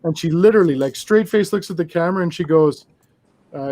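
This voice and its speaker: A man's voice: fairly high pitch, fairly quick, dark tone. A man telling a long funny story in casual chat while building, rambling and laughing.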